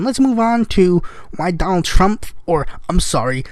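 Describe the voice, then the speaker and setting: A man's voice: sits high, big pitch swings, brisk, a little mellow, no echo. A young man from the United States hosting a casual political rant show, talking in a sarcastic, mocking, exasperated way. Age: young adult. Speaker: podcast host.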